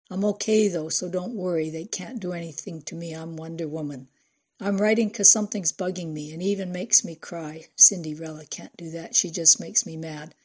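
A woman's voice: on the low side, a little mellow, husky. A woman voicing a defiant teenage girl who talks in a sarcastic, taunting way.

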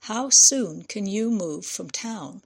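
A woman voicing an anxious young woman who speaks haltingly and unsure, with a slight fry in her voice. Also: medium pitch, animated, heavily acted. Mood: hesitant. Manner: hesitant, halting.

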